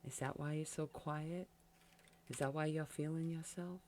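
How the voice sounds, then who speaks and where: A woman giving a casual tarot reading, chatty and quick to laugh, talking straight to the sign she reads for. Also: deep voice, fairly even intonation, a little mellow, slight background noise. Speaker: tarot reader.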